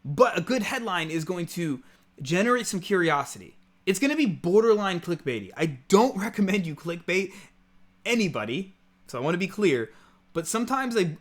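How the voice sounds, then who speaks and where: Casual, emphatic male marketing coach. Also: a little high. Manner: conversational, emphatic, with frequent fillers and asides. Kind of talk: casual teaching to camera.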